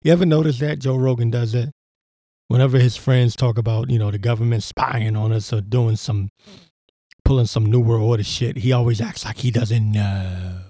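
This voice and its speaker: Profane ranting man, mellow dry voice. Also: medium pitch, steady tone, moderate pace, dry recording. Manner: profane, sarcastic, rambling with frequent fillers. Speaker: podcast host. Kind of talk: ranting commentary reading news aloud.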